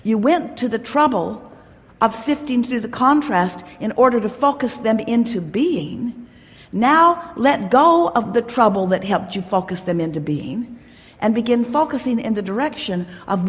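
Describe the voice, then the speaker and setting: A woman's voice: a little high, animated, unhurried. A woman giving an emphatic, teacherly motivational talk to a live audience, speaking of herself as "we". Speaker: inspirational speaker at a live gathering. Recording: long hall reverb from a live event.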